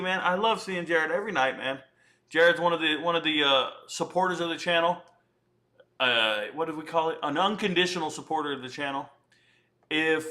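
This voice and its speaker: Bright-voiced boastful male streamer. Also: a little high. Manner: boastful, joking, slangy. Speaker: livestream host. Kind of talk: casual livestream chat.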